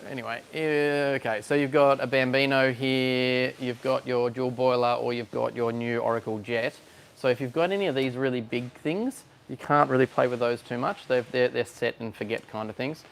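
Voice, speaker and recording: Gravelly-voiced chatty barista. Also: male voice, mid-range voice, steady tone, normal speed, slight background noise. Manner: chatty, laughs often, explains hands-on. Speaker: barista and coffee shop host. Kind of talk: casual chat while working. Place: coffee shop espresso bar.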